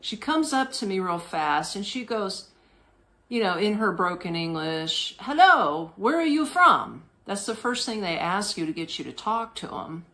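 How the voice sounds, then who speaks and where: A woman hosting a podcast, telling a casual story in a slangy, animated way, laughing often and mimicking voices. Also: fairly low pitch, moderate pace. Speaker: podcast host.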